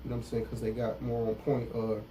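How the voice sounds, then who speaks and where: A man's voice: mid-range voice, completely flat delivery, quick pace, dark tone, distant mic, slight background noise, rough recording. A middle-aged man speaking candidly as an interview guest in street slang, often saying "you know what I'm saying". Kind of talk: casual interview about prison time.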